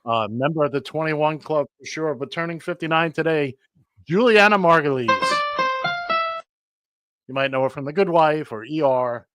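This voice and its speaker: A man's voice: on the high side, normal speed, a bit bright, smooth, no echo, faint music behind. A man hosting a radio show, reading birthdays in a joking, rambling way with many fillers. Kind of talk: casual radio chat.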